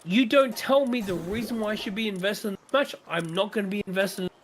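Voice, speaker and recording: A man's voice: high voice, fast, faint music behind. A man chatting on a gaming stream, ranting with strong opinions and frequent swearing. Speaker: streamer co-host. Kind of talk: casual chat during a gaming stream.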